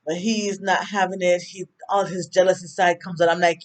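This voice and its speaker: A woman's voice: lowish voice, little pitch movement, normal speed, few pauses. Chatty woman rambling through a TV recap. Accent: Jamaican. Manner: chatty, rambling, goes off on tangents; acts out characters' lines while retelling. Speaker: TV recap vlogger. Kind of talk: casual episode recap.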